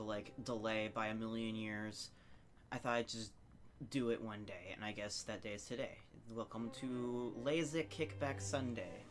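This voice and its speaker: A rambling, chatty streamer at home on a couch, reading game text aloud between casual asides. The voice sits at a middle pitch. Music plays clearly underneath the talk. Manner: rambling, chatty, frequent fillers and self-asides.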